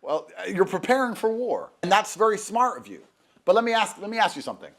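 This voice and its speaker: Man, emphatic, profane, lecturing, high voice, lively. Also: fast. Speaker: guest. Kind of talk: casual conversation.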